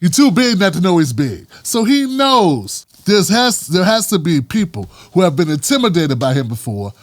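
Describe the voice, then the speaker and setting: A man's voice: high voice, big pitch swings, normal speed, no room sound. A man hosting his own commentary show, talking in an emphatic, street-casual way. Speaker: host. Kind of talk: political commentary vlog.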